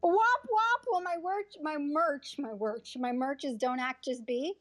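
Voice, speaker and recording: Guesting on a casual interview over an audio chat app, this woman, an actor who also coaches acting, has a high, lively voice and talks a little slowly. Her answers are earnest and rambling, full of fillers and false starts, and she's moved almost to tears.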